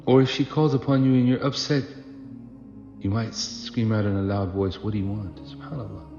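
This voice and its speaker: A man's voice: mid-range voice, moderate pace, vocal fry, mellow, dull audio. A man telling a religious story in a sermon, chatty and loose, with fillers and restarts, recorded in an echoey hall with music behind. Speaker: preacher.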